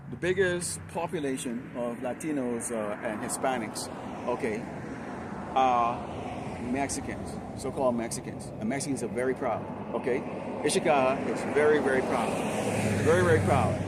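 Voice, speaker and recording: A man preaching an open-air sermon outdoors by a busy street, in a loud, confrontational and profane manner. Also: on the high side, very noisy.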